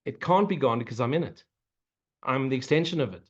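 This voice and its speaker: A man's voice: mid-range voice, animated, fairly quick, husky. A man giving a casual spiritual Q&A talk, blunt, swearing often and joking between his points. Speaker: spiritual teacher. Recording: muffled, lo-fi recording.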